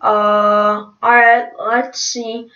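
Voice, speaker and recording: A woman's voice: fairly high pitch, flat delivery, drawn-out words, sharp tone. A middle-aged woman improvising a solo role-play with many hesitant fillers, recorded from a distance in an echoey room. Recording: distant, roomy, dull lo-fi.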